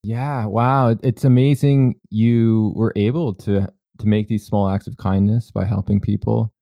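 A man with a low voice responds supportively to his guest, restarting his sentences as he goes. The recording is dry and a bit dull. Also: fairly even intonation, unhurried, creaky, no room sound. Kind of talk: casual interview chat.

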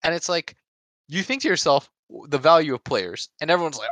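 A man telling a story about a tournament in casual podcast chat, animated and full of swearing. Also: fairly high pitch, fairly quick, no echo. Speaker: pro esports player recounting a tournament.

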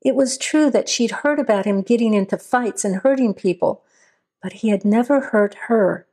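A woman reading a horror story aloud as a scripted narration, at a steady, measured pace. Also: a little high.

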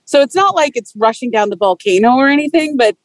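A woman chatting casually in a bubbly way, her slightly high voice bouncing up and down. She fills her talk with "like", and the sound is dry and close. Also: expressive, quick pace, dry recording, poor audio. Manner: bubbly, lots of "like", laughs often. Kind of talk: casual chat.

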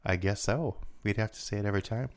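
Low-voiced man joking in dry close sound. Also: darkish tone, dry recording. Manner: joking, self-deprecating, halting. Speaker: podcast co-host. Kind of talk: casual chat.

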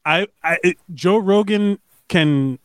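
A man's voice: high voice, slow pace, smooth, dry recording, studio quality. A man co-hosting a podcast in casual, rambling chat, swearing and joking as he reads comments. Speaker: podcast co-host.

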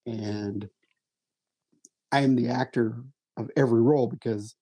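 A man's voice: mid-range voice, fairly even intonation, a little slow, warm tone, husky, dry recording. A man, a writer and stage actor, telling self-deprecating stories in a casual conversation.

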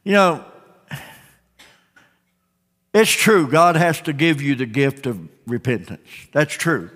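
Lively young preacher in a big hall. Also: male voice, a little high, slow. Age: young adult. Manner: animated storytelling, acting out voices. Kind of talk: sermon. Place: large auditorium.

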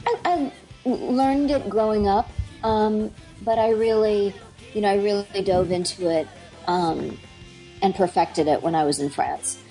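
A woman's voice: medium pitch, measured pace, dark tone, soft background music, low-quality recording. A middle-aged woman, an actress and dialect coach, chatting eagerly in an interview with lots of fillers and restarts. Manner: enthusiastic, rambling, many fillers and restarts. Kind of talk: casual interview chat.

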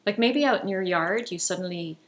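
A woman's voice: lowish voice, brisk. A woman from Ireland, co-hosting a casual chat about dogs and telling stories with plenty of fillers. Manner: chatty, warm storytelling with fillers.

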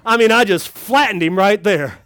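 A middle-aged male pastor with a notably high, animated voice, spinning humorous family tales in a country-style camp sermon. His delivery rises and falls freely as he plays for laughs. The sound is close and dry, with no room around it. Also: moderate pace, no echo. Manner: folksy and humorous, acting out a child's cries.

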